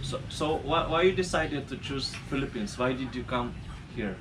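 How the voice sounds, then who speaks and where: A man of medium pitch hosts a casual vlog, asking short, simple questions and repeating the answers to check them. Heavy traffic noise runs loud beneath his voice. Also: expressive, normal speed. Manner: simple questions, repeats words back, laughs easily. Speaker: vlogger and interviewer.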